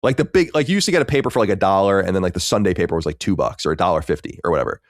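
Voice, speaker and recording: Low-voiced dude on a podcast, talks fast and swings all over the place, dry close mic. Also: male voice, no echo. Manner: animated, swearing, rambling storyteller. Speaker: podcast co-host. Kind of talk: casual podcast chat.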